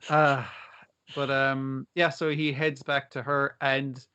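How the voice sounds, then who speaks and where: A man's voice: mid-range voice, flat delivery, bright, forceful tone, smooth, muffled recording. A man co-hosting a podcast, chatting casually, swearing often and acting out characters' lines as he recaps an episode. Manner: swears a lot, acts out characters' lines in quick voices. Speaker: podcast co-host. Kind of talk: casual chat recapping anime.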